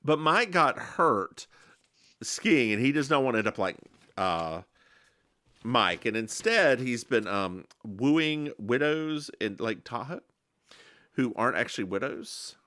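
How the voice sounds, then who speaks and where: A man's voice: medium pitch, lively intonation, slow pace, pushed and bright, no room sound, studio quality. A man co-hosting a podcast, chatting casually and campily while recapping a TV episode. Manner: chatty, giggly, campy. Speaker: podcast co-host.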